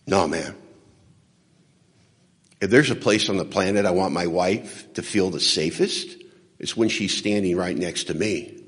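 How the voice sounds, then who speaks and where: A man giving a recovery talk at a convention, telling a personal story and acting out the dialogue with animated, shifting delivery. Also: sits low, takes it slowly, long pauses, husky. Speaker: recovery speaker. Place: large convention hall. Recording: hall reverb from a large venue.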